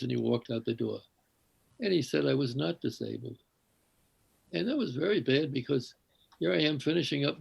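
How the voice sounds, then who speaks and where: A man's voice: a little high, gravelly, slightly rough, low-quality recording. An older man on a video call telling a long, meandering personal story with many fillers and restarts. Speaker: congregation member sharing.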